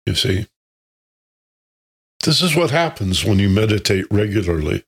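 A man's voice: on the low side, very animated, a little slow, slightly rough. A man teaching a self-development class who tells anecdotes, chuckles and asks rhetorical questions.

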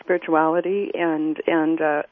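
A woman's voice: deep voice, flat delivery, a little slow, dry recording. Woman caller, rambling and hesitant, tinny phone line. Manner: rambling, hesitant, many ums. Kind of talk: phone-in call.

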